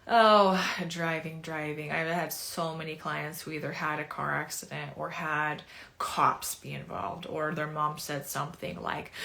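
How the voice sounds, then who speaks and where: A woman coach tells stories about her clients in a lively, casual way, with a lot of "like" fillers. Her voice sits fairly low for a woman. Its tone is bright and forceful. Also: normal speed, creaky. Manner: animated, acts out clients' words, many "like" fillers. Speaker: anxiety and trigger coach. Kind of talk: casual storytelling to camera.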